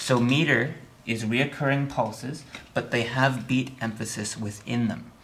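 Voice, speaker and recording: A man teaching a music theory lesson, chatty and a little wry, often checking in with the viewer and counting beats out loud with hard accents on the downbeat. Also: mid-range voice, steady tone, a little slow, slight background noise. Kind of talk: recorded video lesson.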